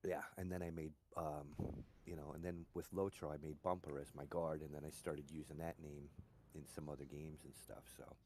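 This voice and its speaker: A man's voice: very deep voice, flat delivery, normal speed, warm tone, slight background noise. A middle-aged man chatting casually while gaming, telling rambling stories full of "you know". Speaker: gamer chatting on a stream. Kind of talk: casual chat.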